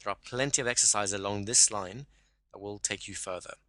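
A man's voice: lowish voice, fairly quick, sharp tone, dry recording. A man coaching a caller one-to-one, explaining exercises step by step and often checking in with "right?".

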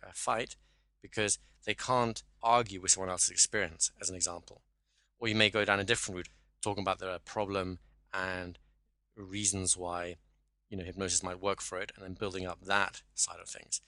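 A man's voice: low voice, pushed and bright, dry recording. A man teaching a hypnosis class, explaining and acting out sample dialogue. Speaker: hypnosis trainer.

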